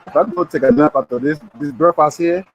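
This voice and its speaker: A man's voice: on the high side, a little fast, lo-fi sound, a little hiss or hum. Joking man chatting over breakfast. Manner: relaxed, joking, talks to viewers. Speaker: vlogger. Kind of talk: casual live-stream chat while eating.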